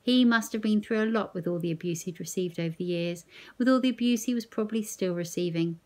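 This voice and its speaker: A woman teacher reading a novel aloud in first person, slow, measured and expressive. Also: mid-range voice.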